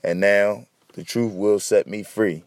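A man's voice: lowish voice, steady tone, a little slow, a little hiss or hum. Sleepy, profane, rambling male podcaster. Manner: profane, loose, tired and rambling. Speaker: podcast host. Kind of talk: casual solo rambling monologue.

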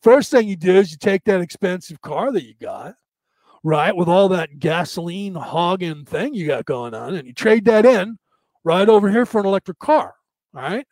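A man's voice: high-pitched, expressive, darkish tone, no room sound. A man doing a laid-back surfer dude. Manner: loose, slangy, drawn-out.

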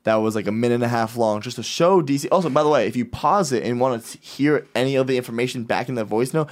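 Animated male podcast host. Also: mid-range voice, fast talker. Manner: animated storyteller, acts out other people's lines. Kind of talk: casual chat.

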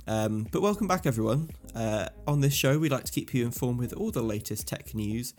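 A man's voice: mid-range voice, expressive, brisk, a little mellow. A man co-hosting a casual tech podcast, with dry, laid-back banter. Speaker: podcast co-host.

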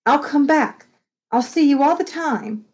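A woman's voice: high-pitched, unhurried, darkish tone, voice pushed up. A woman reading the lines of a stubborn young foster girl, her voice raised and pleading.

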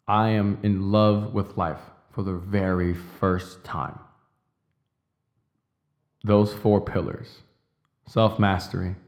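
A young man with a fairly low voice delivers a fired-up motivational monologue. He swears freely and slows right down to hammer home each declaration. He speaks in the intense, emphatic manner of a podcast host. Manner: intense, emphatic, profane, with slow stressed declarations.

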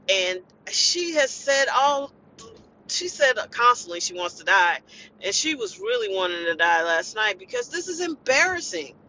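A woman's voice: a little high, pushed and bright, a little hiss or hum. A woman caregiver talking in a blunt, emotional monologue, venting with profanity as a podcast host. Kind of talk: impassioned personal monologue. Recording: dull lo-fi recording.

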